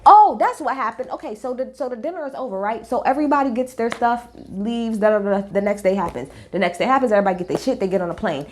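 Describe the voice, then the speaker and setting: A woman's voice: fairly high pitch, lively intonation, fast, hardly any pauses, slight background noise. A woman giving a casual recap of a reality show, blunt, profane and full of opinions, talking straight to her viewers.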